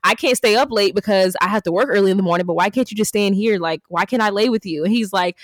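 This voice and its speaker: A young adult woman co-hosting a podcast, telling stories in a chatty, animated way with lots of "like". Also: medium pitch, quick pace, no room sound. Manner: chatty, animated storytelling with many "like"s. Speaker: podcast co-host. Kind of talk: casual chat.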